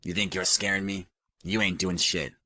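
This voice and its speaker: A man's voice: extremely low pitch, steady tone, a little fast, bright, forceful tone, slightly rough, dry recording, studio quality, full character voice. A man voicing a cocksure, frightened male prisoner who spits profane defiance, in an audiobook. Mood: spitting defiance.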